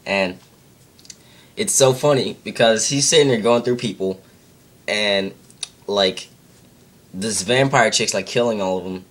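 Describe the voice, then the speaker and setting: Young male vlogger, low-pitched, loose and rambling, correcting himself as he goes. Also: unhurried, long pauses. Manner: rambling, many "like"s, self-correcting. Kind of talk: casual retelling.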